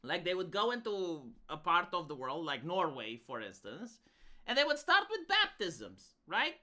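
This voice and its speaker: A woman's voice: lowish voice, wildly swooping pitch, normal speed, pushed and bright. A woman from Romania, giving rambling, filler-heavy commentary on a casual live stream.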